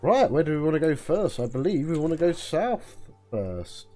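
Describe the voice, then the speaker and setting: A man's voice: fairly high pitch, very animated, moderate pace, warm tone, faint music behind. A man commenting on a game, chatty and muttering to himself. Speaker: gaming video host. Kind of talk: let's play commentary.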